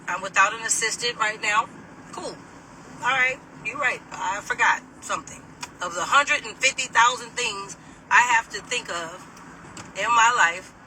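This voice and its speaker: Woman ranting in her car, super sharp forceful voice, kinda far from the phone, faint road hum. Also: on the high side. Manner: indignant, animated, swearing. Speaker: vlogger. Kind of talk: casual venting monologue. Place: in a moving car. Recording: distant mic, faint road noise.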